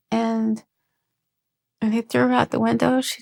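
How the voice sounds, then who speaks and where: A podcast guest, a middle-aged woman, shares her life story as personal testimony in a fairly high, creaky voice with a level, darkish tone. Her speech is halting, with restarted sentences, and she acts out the voices of people she quotes.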